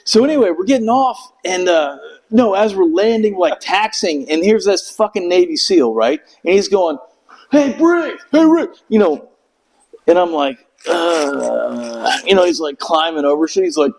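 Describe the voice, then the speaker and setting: A man's voice: fairly high pitch, moderate pace, vocal fry, hardly any pauses, rough recording. A middle-aged man, a veteran, telling a long story in casual podcast chat, cursing freely and breaking into voices of the people he describes. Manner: profane, rambling storyteller who acts out voices. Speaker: veteran telling war stories.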